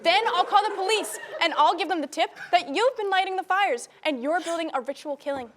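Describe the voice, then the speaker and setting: A woman's voice: very high voice, fairly quick, a crowd in the background. A young woman playing a spiteful, scheming arch-nemesis who gleefully lays out her threats in a comedy sketch. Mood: smug. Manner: smug, theatrical, gleeful threats. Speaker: guest on a student talk show.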